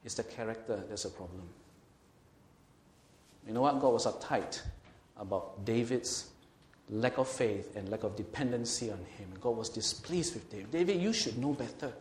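A man with a Singaporean English accent preaching a sermon as a pastor, swinging between loud and quiet delivery and acting out quoted speech. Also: on the low side, normal speed, long pauses, roomy sound, slight background noise. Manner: lively, swings from loud to quiet, laughs often, acts out quotes.

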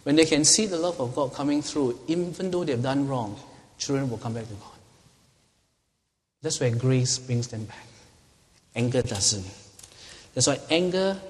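A middle-aged male pastor preaches in a conversational way, often turning to the congregation with rhetorical questions. His voice sits at an ordinary pitch for a man. It carries a long reverb, as if it was recorded in a church hall. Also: a little mellow. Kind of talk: sermon.

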